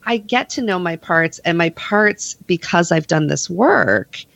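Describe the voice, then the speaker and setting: A woman guest on a podcast, explaining calmly and acting out inner voices with a laugh. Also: on the low side, a little slow, gravelly, muffled recording. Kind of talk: conversational explanation.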